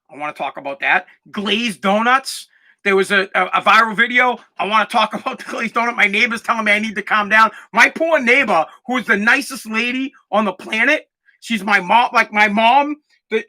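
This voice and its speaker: Fed-up 40s male podcast host, high, biting voice, profane rant with shouted outbursts. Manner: aggravated, profane, bursts into shouting. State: dusty throat, clearing it and coughing. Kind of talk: angry ranting monologue.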